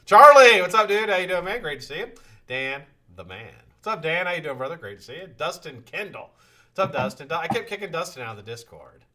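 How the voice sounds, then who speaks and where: A male live-stream host with a lively, swinging delivery and a bright, forceful tone. He greets his chat viewers one by one in a casual, swearing banter. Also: fairly high pitch, fast talker.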